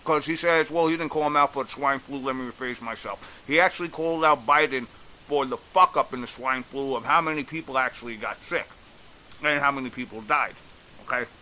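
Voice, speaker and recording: A man's voice: medium pitch, brisk, pushed and bright, low-quality recording. A man giving a blunt, exasperated opinion rant, swearing freely as he recaps and criticizes. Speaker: commentator. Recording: faint hiss.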